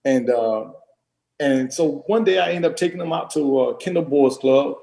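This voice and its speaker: A man in his thirties from South Florida, telling stories as a guest in a casual interview, animated and repeating his phrases. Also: on the high side, normal speed, creaky. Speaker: interview guest, retired football player.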